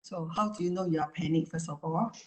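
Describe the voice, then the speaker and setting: A woman with a fairly low voice speaks as a therapist in an online talk. She coaches calmly and repeats herself, checking in with "right?" and "you know". The sound is roomy and echoey. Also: fast talker.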